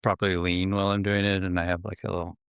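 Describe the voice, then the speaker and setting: Man, potter guest, fairly low smooth voice, dry sound, relaxed, plain-spoken. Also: fast talker, no echo. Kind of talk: casual interview chat.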